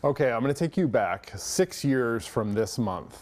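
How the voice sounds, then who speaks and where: A man's voice: medium pitch, lively intonation, normal speed, a little mellow. A man, the show's executive producer, joking and teasing in casual studio banter.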